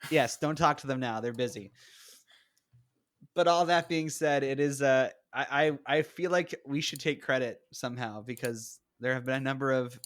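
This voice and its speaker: A man's voice: mid-range voice, normal speed, fairly bright tone. A man co-hosting a casual podcast over a video call, upbeat and playful. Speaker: podcast co-host. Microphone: remote call mic.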